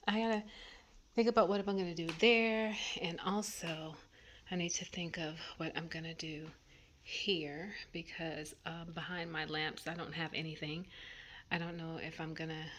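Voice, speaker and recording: Soft-spoken woman, half-whispering. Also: fairly low pitch, a little hiss or hum. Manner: rambling, many ums and trailing thoughts. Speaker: home decor vlogger. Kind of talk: casual thinking-aloud vlog. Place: her bedroom at home.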